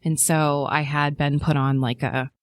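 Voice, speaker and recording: A woman in her thirties, a podcast guest, chatting casually and telling her story with lots of fillers and animated asides. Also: a little slow, no room sound. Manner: animated storyteller, acts out quotes in a high voice, many fillers. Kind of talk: casual chat.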